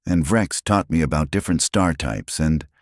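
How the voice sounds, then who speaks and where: A man's voice: rumbling low, moderate pace, no room sound, studio quality. A man voicing an eager little girl. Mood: excited. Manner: eager, earnest chatter. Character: brave cheerful little human girl.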